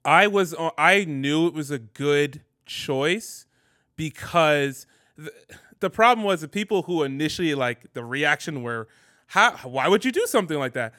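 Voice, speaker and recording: A man's voice: a little high, animated, measured pace, pushed and bright, dry recording, clean studio sound. A man co-hosting a podcast, talking casually and laughing between phrases. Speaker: podcast co-host.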